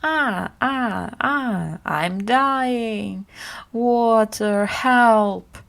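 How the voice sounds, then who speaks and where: A woman's voice: fairly high pitch, expressive, slow pace. A woman reading aloud and voicing a sly, scheming young beggar boy in a storybook.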